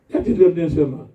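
A man preaching a lively, folksy sermon with call-and-response and shouts to the congregation. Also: on the high side. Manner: folksy, conversational, acts out quoted voices. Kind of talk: lively Palm Sunday sermon. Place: church sanctuary. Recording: echoey church heard from far off over a tinny line.

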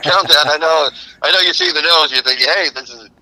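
A man voicing a boastful old-time male explorer, fast-talking and pushy as he insists he is Italian. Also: fairly high pitch, bright, forceful tone, no echo, pitched above the performer's own voice, poor audio. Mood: brash.

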